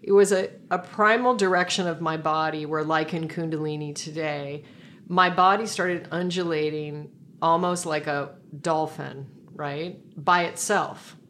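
Low-voiced woman telling a reflective story. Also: fairly bright tone, slight background noise. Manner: reflective, meandering, with frequent restarts. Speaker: guest. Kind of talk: conversational storytelling.

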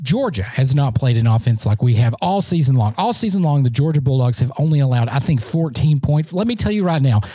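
A man hosting a solo sports podcast, talking in an excitable, boastful fan rant while standing in a room. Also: mid-range voice, brisk, hardly any pauses, over loud music.

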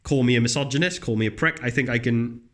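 Fast and foul-mouthed, the man rants bluntly and with lots of animation in a laid-back comedic chat. His voice shoots up high when he makes fun of others.

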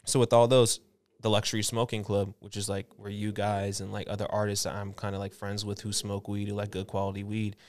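A man's voice: on the low side, completely flat delivery, fairly quick. A man in his twenties chatting casually on a podcast, telling stories in laid-back slang. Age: 20s. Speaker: guest, clothing and smoking brand founder.

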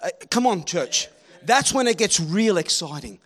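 High-voiced preacher. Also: male voice, normal speed. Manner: animated, rallying the crowd, swings from loud to hushed. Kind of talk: sermon.

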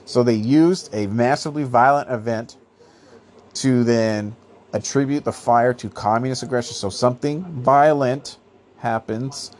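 A man's voice: mid-range voice, a little slow, darkish tone, a little hiss or hum. A man hosting his own podcast in a rambling monologue, swearing often and restarting his sentences, with a somewhat nasal voice. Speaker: podcast host. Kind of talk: profane monologue.

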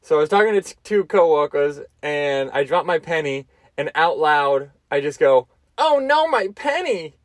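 A man's voice: a little high, normal speed, hardly any pauses, no room sound. A young man hosting a solo comedy podcast, telling loose, crude stories with lots of restarts and self-amused asides. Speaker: podcast host. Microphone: close mic, seated.

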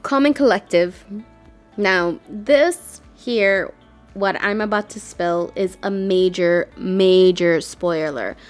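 A woman's voice: mid-range voice, slow, soft background music. A woman hosting a casual chat, talking in emotional, rambling bursts. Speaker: podcast host.

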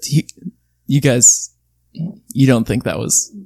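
A man's voice: mid-range voice, takes it slowly, vocal fry, a little mellow, breathy edge. A young man co-hosting and playing in a tabletop podcast, talking hesitantly with many fillers. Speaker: co-host and player. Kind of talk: casual chat.

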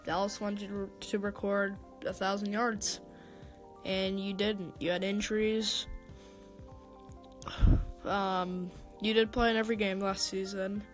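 A young woman giving her opinions on sports in a casual, unscripted monologue. She talks slowly in a flat, even voice and stumbles over her words with fillers and restarts. Faint music plays behind her. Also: mid-range voice. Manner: hesitant, many fillers and restarts. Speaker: sports talk host.

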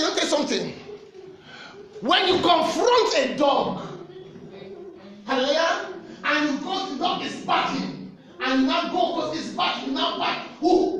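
Fervent high-voiced Nigerian preacher. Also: male voice, roomy sound. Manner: fervent, animated preaching with shouted refrains. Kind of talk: sermon.

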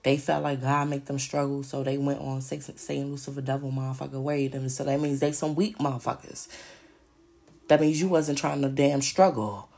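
Woman, solo podcast host, husky and raspy, heated profane ranting. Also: a bass voice, steady tone, normal speed, darkish tone.

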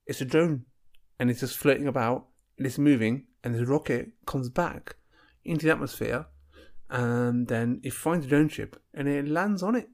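A man's voice: medium pitch, moderate pace, darkish tone. A man telling comic stories in a casual monologue, laughing at his own jokes and acting out little bits of dialogue.

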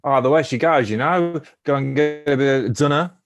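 A man attempting a New Zealand accent as a relaxed man heading for dinner, halting and mumbled. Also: on the high side, over music, natural voice. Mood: laid-back. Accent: put-on New Zealand.

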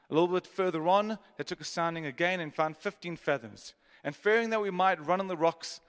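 A man's voice: on the high side, a bit bright. A man preaching a sermon, reading scripture with dramatic emphasis and joking asides to the congregation. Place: church auditorium. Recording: long hall reverb.

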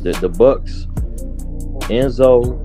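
A man's voice: mid-range voice, very slow, over music. A man joining a casual chat as a guest, laid-back and slangy.

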